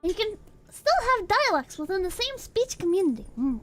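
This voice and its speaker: A woman's voice: very high-pitched, big pitch swings, moderate pace, faint music behind. A woman streamer chatting casually with her viewers, giggling a lot and bursting into shrieking laughter as she banters.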